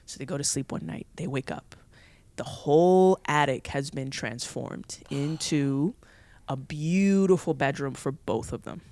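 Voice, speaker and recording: A young woman chatting as a podcast guest, retelling a film plot in an animated, playful way. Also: low voice, unhurried, no echo. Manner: animated storytelling, playful laughing. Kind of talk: casual chat.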